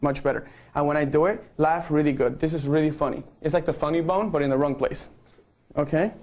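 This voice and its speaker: A man's voice: fairly high pitch, steady tone, a little fast, darkish tone. A man directing a group photo shoot on a live stream, playful and coaxing, checking in with "okay" after each instruction.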